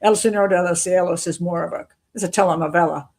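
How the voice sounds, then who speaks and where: A woman's voice: on the low side, fairly even intonation, fast talker, a little mellow. Chatty, skeptical woman thinking aloud. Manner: thinks aloud, restarts sentences, chuckles often; skeptical, questioning. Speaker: criminal profiler hosting a live show. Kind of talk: live-stream commentary answering chat.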